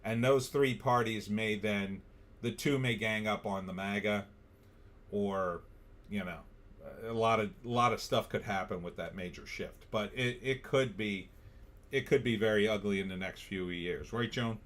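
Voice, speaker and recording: A middle-aged man hosts a political livestream in a blunt, sarcastic way, stopping now and then to read viewer comments aloud. His voice sits on the low side. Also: measured pace, a bit bright. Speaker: livestream host.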